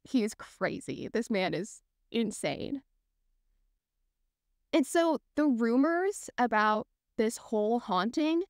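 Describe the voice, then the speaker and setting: A young adult woman hosting a podcast, retelling a spooky legend in an animated, chatty way. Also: fairly high pitch, dry recording, studio quality. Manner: lively, animated retelling with quoted voices. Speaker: podcast host telling the story. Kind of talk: casual storytelling chat.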